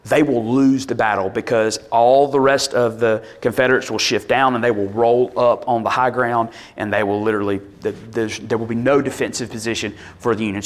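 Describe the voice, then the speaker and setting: A man preaching a sermon, telling a story with rising energy and bursts of shouting. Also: mid-range voice. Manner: animated storytelling, builds to shouts.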